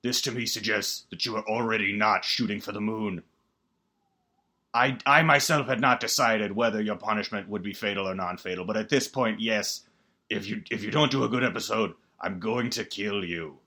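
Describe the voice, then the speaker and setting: A slow, cold older man's voice that makes each threat sound calm and reasonable, as a man puts on a horror-film killer. He is measured and quietly menacing, sits a little below the speaker's usual pitch, and keeps his delivery low and unhurried.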